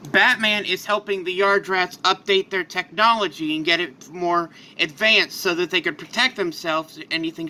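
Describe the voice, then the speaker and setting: A man's voice: high-pitched, a little hiss or hum. Man telling a rambling fan story. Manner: rambling and animated. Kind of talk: casual improvised storytelling.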